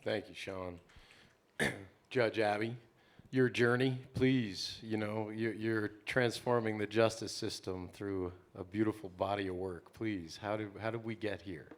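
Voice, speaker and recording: A man's voice: on the low side, steady tone, measured pace. A man moderating a conference panel, thanking the speakers and handing over to the next panelist with encouraging prompts.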